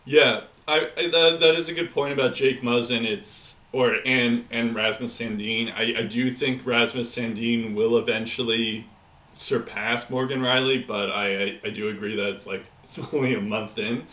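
Male podcast co-host, chatty and halting, sharp lowish voice, roomy echo. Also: steady tone. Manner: rambling, many fillers and restarts, laughs often. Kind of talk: casual hockey podcast chat.

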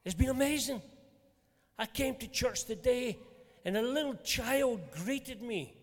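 An older man preaching a sermon, telling stories in an animated, emphatic way. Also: very high-pitched, unhurried. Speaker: pastor. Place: church hall. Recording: long reverb of a large hall.

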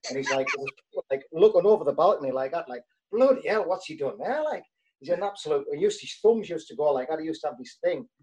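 Ex-footballer telling stories. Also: male voice, a little high, animated, fast, dark tone, poor audio. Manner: rambling anecdotes with many fillers. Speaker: former footballer. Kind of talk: casual storytelling chat.

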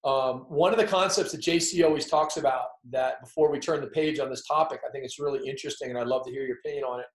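A man's voice: mid-range voice, steady tone, quick pace, few pauses, reverberant, poor audio. A man interviewing a coach, asking long, hesitant questions full of fillers.

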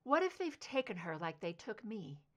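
A woman's voice: mid-range voice, big pitch swings, normal speed. A woman reader voicing a determined female investigator, earnest and firm but anxious.

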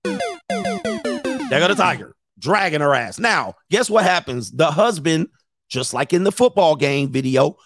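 A man's voice: on the high side, lively intonation, moderate pace, no room sound, clean studio sound, faint music behind. A man hosting a casual reaction stream, telling a story bluntly and with animation while he acts out quotes. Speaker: host.

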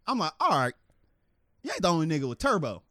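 A man tells a story with animated energy in casual podcast chat, his fairly high voice swinging up and down. He laughs often and jumps into a higher voice to act out quotes. The sound is dry and close. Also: fast talker, no room sound. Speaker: podcast co-host.

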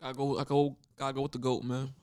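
Quiet man chiming in. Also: medium pitch, little pitch movement, fast, clear, resonant tone, dry recording, clean studio sound. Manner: quiet, brief interjections and questions. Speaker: podcast co-host. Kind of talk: casual chat.

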